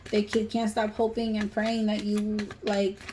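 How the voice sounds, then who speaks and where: A woman's voice: medium pitch, monotone, unhurried, background noise. A woman giving a casual tarot reading to camera, talking bluntly and emphatically and swearing freely. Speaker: tarot reader.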